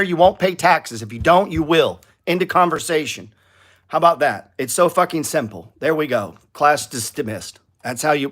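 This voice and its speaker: A man's voice: on the high side, a bit bright. A middle-aged man hosting a live trading show, talking over stock charts in a blunt, profane, lecturing way.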